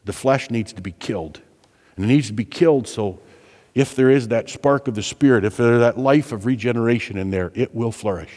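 A man preaching a sermon, stressing his points by repeating phrases and moving from loud urgency to hushed tones. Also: medium pitch, fairly quick, big-room sound.

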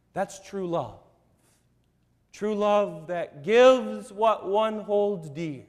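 A man preaching a sermon, slow and emphatic, with repeated rhetorical questions. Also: sits high, expressive, a little mellow, in a large hall.

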